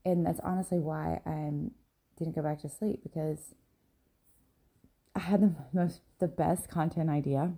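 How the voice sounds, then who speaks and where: A woman's voice: deep voice, steady tone, measured pace, pauses often, dark tone. A woman hosting a casual solo podcast, talking candidly and a little rambling, with many ums and "right?" tags, tired and yawning in the early morning. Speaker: podcast host and business coach.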